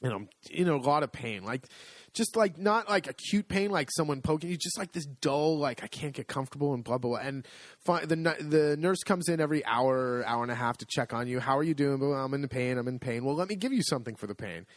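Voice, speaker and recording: A middle-aged man telling a story in a casual chat, animated and amused, acting out the lines of the people in it. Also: mid-range voice, a little fast, no echo. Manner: animated, amused storytelling with restarts and acted-out quotes. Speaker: podcast co-host.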